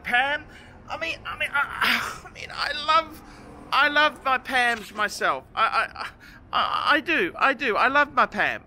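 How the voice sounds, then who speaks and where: High, sharp-voiced Australian man ranting. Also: a little hiss or hum. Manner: profane, repetitive, blunt ranting. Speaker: watch vlogger. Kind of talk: off-the-cuff rant to camera. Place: outdoors by a street with trams.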